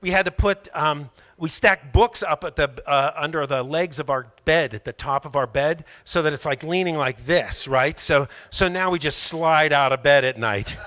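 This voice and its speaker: Guy doing stand-up in a club, bright higher voice, rambles and makes fun of himself. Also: normal speed, hardly any pauses. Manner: rambling, self-mocking, loud put-on voices. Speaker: stand-up comedian. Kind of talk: stand-up comedy set. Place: comedy club stage.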